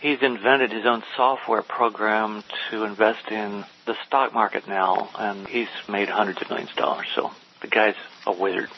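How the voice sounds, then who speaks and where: A guest storyteller, a man with a lowish voice, casually relates a long anecdote at normal speed, animatedly quoting and acting out the people in it. The recording sounds dull and lo-fi, with a faint hiss.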